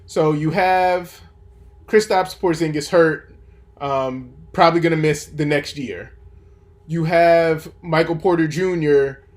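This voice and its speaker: A young man hosting a podcast, talking sports in a casual, opinionated, rambling way with plenty of fillers. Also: fairly high pitch. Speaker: podcast host. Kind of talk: casual sports commentary monologue.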